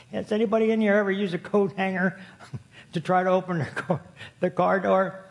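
A man's voice: high-pitched, fairly even intonation, moderate pace. A man preaching a sermon to his congregation, folksy and storytelling, joking with the room. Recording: long hall reverb.

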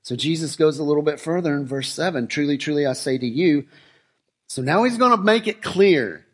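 A middle-aged man preaching a sermon, shifting from relaxed storytelling to slow, emphatic declarations. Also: a little high. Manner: conversational storytelling that builds to emphatic, slowed declarations. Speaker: pastor.

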